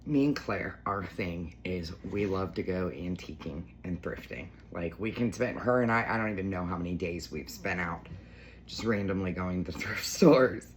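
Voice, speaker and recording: A woman chatting casually through a home vlog, bubbly and gushing, slipping into a high baby-talk voice for her cat. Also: normal speed, slight background noise. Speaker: lifestyle vlogger. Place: home kitchen and living room.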